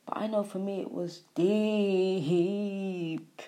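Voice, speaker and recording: A woman giving a spiritual monologue, repeating phrases in a preachy way, sighing and swinging between soft and loud. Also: medium pitch, steady tone, extremely slow. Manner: repetitive, preachy, with sighs and emphatic swings in loudness. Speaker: spiritual speaker.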